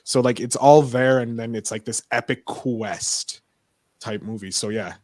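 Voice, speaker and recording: A man on a casual movie review podcast, talking eagerly and piling up ideas with quick restarts. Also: medium pitch, darkish tone, no room sound. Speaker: podcast co-host.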